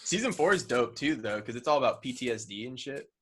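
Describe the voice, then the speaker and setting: A man co-hosting a casual podcast chat, telling stories in a loose, profane, animated way. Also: medium pitch, quick pace, breathy edge. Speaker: podcast co-host.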